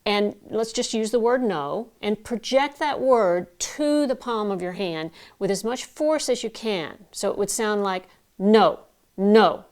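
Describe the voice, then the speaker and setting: A middle-aged woman voice coach giving a measured, clear lesson to camera, explaining ideas with vivid analogies. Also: medium pitch, lively intonation, darkish tone. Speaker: broadcast voice coach. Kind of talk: instructional talk to camera.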